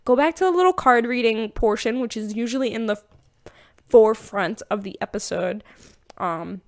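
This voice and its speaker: A young woman hosts a podcast about spirituality, speaking at normal speed in a slightly high voice. She's chatty and animated, using lots of fillers and laughing often.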